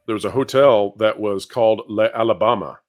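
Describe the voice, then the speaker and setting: A man hosting a casual panel chat, animated and quick to laugh, often repeating his first words. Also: lowish voice. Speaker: podcast host.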